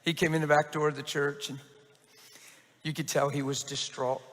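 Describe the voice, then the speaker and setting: A man pastor telling a testimony in a sermon, with animated storytelling and quick restarts, in a church. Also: on the high side. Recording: reverberant church hall.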